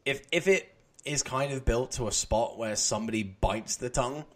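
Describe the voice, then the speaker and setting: A man hosting a podcast in casual chat, joking with a lively delivery. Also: mid-range voice, normal speed, crowd noise. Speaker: podcast host.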